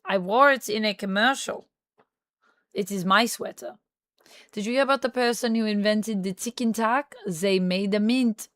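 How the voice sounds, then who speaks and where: A woman's voice: medium pitch, normal speed, a bit bright, dry recording, studio quality. A woman streamer chatting casually on a livestream, reading viewer comments aloud and answering them, at times in a playful mock French Canadian accent.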